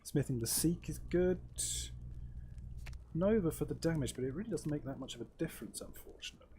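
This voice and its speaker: A man's voice: on the high side, expressive, a little fast, dark tone, slight background noise. A man hosting a let's play, commenting casually on his moves with wry, self-deprecating asides as he thinks aloud. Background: faint game music.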